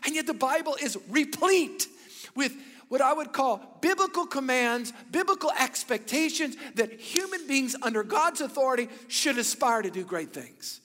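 A man in his thirties preaching a sermon, telling stories with bursts of loud emphasis and hushed, whispered asides. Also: extremely high pitch, moderate pace, big-room sound. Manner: animated storytelling, swings between loud emphasis and hushed whispers. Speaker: pastor.

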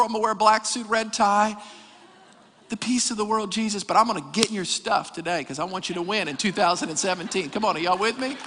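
A pastor, preaching an energetic sermon with jokes and calls to the congregation. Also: male voice, sits high, a little fast. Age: 40s. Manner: energetic preaching with jokes and crowd call-outs. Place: church hall. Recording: reverberant church hall.

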